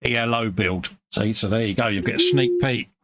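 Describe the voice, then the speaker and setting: A man's voice: lowish voice, fairly quick, a bit bright. A British man co-hosting a live painting stream, laid-back and agreeable in casual chat.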